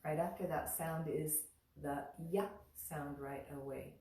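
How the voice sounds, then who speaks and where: A woman teaching pronunciation, patiently repeating each syllable slowly and clearly. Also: low voice, fairly even intonation, warm tone. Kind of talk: slow, patient pronunciation lesson. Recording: roomy echo, voice a bit far from the mic.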